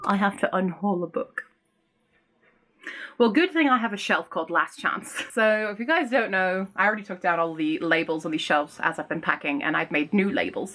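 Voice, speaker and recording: Chatty, excitable woman book vlogger. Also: mid-range voice. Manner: chatty and excitable, thinks aloud, laughs often; swears casually when frustrated. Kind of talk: casual vlog chat. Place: home room with bookshelves.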